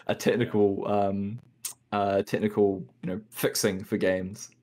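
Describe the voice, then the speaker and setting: A man's voice: on the low side, slow, a little mellow. A man, a podcast guest who rambles in casual chat and laughs often. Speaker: guest, rules manager.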